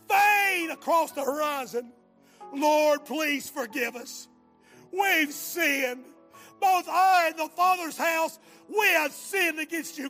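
An older man with an extremely high voice leads an impassioned revival sermon and prayer, dropping to a hush one moment and shouting the next, his voice cracking with emotion.

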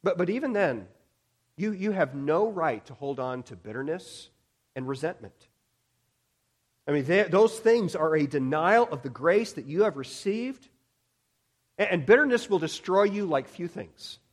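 A man's voice: lively intonation, measured pace. Earnest man preaching, stumbling restarts. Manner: earnest, repeats words at the start of phrases; swings between loud emphatic stretches and quiet low ones. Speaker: pastor. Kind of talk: sermon.

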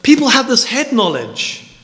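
High, lively preacher in an echoey church. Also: male voice, a little slow. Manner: emphatic, repeats words for stress. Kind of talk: sermon. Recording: echoey hall with long reverb.

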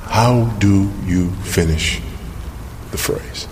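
A man with a low voice delivers a sermon. He talks in earnest, searching tones and presses his listeners with pointed questions. His voice rings with a long hall reverb. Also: a little hiss or hum. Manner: earnest, questioning, with emphatic pauses. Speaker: preacher.

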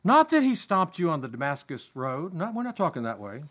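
Male preacher with a high voice, impassioned sermon delivery, building to emphatic peaks. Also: big pitch swings, fairly quick, a bit bright. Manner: impassioned, rising to emphatic peaks and dropping low.

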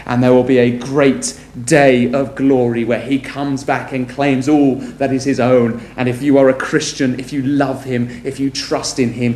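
A man preaching a sermon earnestly, moving between brisk storytelling and slow, weighty appeals. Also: mid-range voice, a little mellow. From Britain. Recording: echoey room.

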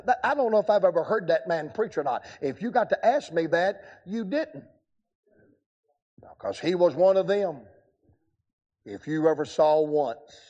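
Folksy older preacher. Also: male voice, fairly high pitch, a little mellow. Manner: folksy storytelling with humor. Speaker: evangelist preacher. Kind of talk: revival sermon.

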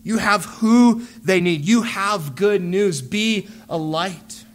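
A man preaching a sermon, earnest and measured, pleading with his listeners through repeated phrases. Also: high-pitched, slight background noise.

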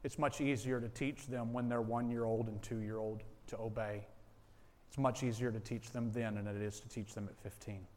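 A man's voice: lowish voice, level tone, moderate pace, darkish tone. Man preaching in an echoing hall. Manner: storytelling, earnest, repeats key lines for emphasis. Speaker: pastor. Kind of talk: sermon. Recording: long reverb of a large hall.

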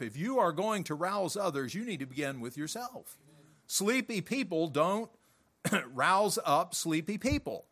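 Slow, lively-voiced preacher man. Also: sits high. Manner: emphatic, repetitive preaching with frequent throat-clearing; slow, deliberate delivery that swells and drops off. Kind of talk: sermon.

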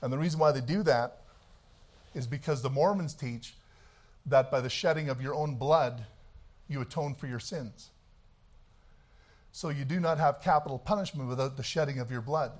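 A man preaching a sermon, swinging between shouted, fiery passages and quieter, conversational talk. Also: mid-range voice, moderate pace, pauses often.

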